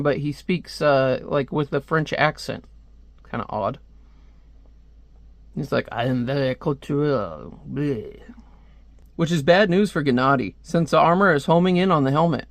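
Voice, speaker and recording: Young male comic reviewer, slightly high voice, rambling and chatty, dry close recording. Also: no room sound. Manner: rambling, chatty asides with frequent fillers. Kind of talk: casual comic book review.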